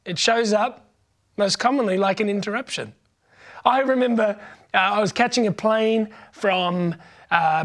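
A man preaching a sermon, conversational and humorous as he tells a personal story. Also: high voice. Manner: conversational and humorous, frequent restarts.

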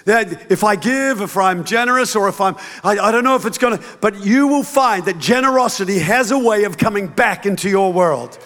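A high-pitched man preaching a sermon in a large church hall. His voice rings with a long reverb. He tells stories with playful mimicry and shifts into emphatic preaching. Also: normal speed, few pauses, fairly bright tone. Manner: storytelling with playful mimicry and chuckles. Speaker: pastor.

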